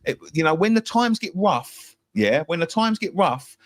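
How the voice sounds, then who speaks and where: A man's voice: a little high, very animated, normal speed. A fired-up middle-aged man on a fan show, his voice rising and falling all over as he drives his points home. He swears freely and says the same line again and again for emphasis. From England. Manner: passionate, swearing, repeating himself. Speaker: football fan guest. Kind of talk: heated fan-show chat.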